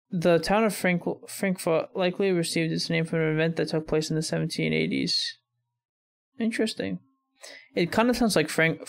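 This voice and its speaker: American male reactor, slightly high gravelly voice, rambling musing commentary. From United States. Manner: musing aloud, chuckling often, thinking out loud with fillers. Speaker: reaction video host.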